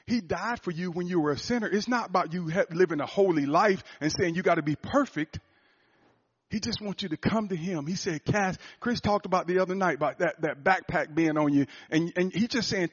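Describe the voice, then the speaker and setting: A man giving a sermon testimony as a church speaker, preaching emphatically and dropping to a hushed storytelling tone. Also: fairly high pitch, a little fast, breathy edge, highs cut off.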